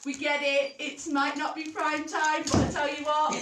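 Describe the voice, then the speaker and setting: Woman co-host, casual stream chat, enthusiastic and sweary, high voice, echoey distant sound. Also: flat delivery, moderate pace. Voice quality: enthusiastic, sweary, laughs often. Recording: roomy, distant, slightly noisy stream.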